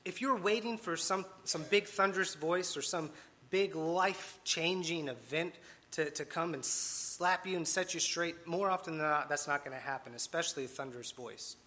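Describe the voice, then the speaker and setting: A man's voice: on the high side, normal speed, sharp tone. A man preaching a conversational sermon with asides and self-deprecating humor. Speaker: lay preacher.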